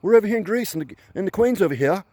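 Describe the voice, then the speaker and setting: A man's voice: animated, very fast, dark tone, no room sound. A man mocking a prissy posh English actor. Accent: mock English. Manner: high, prissy mock-posh. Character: prim posh male English movie actor.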